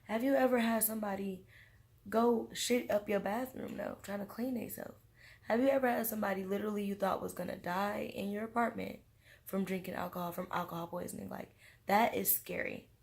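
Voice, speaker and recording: Tipsy young woman telling a story, gravelly. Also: mid-range voice, brisk. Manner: animated, slangy storytelling with acted-out quotes. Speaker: vlogger. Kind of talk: casual storytime monologue.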